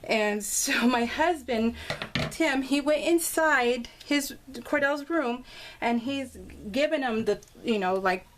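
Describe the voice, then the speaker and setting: A woman's voice: high-pitched, slow, background noise. A middle-aged woman telling a family story in casual chat while she works on a craft project at home. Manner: chatty, laughing, restarts a lot, acts out quotes. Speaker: scrapbooking vlogger. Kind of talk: casual storytelling over a craft process video. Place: home craft room with dogs nearby.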